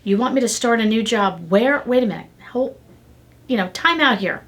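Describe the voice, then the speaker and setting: A middle-aged woman delivers a devotional talk in a somewhat high voice. She gets excited as she speaks and slips into playful back-and-forth dialogues with God. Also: normal speed. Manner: animated, acts out dialogues with God; excitable, talks with her hands. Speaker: devotional podcast host. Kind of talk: devotional teaching.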